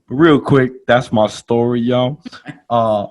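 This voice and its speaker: A male podcast host telling a comic story in casual slangy talk, laughing along and jumping to loud exclaims when he quotes himself. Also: mid-range voice, a little slow. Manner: animated, jumps to loud exclaims in quoted lines.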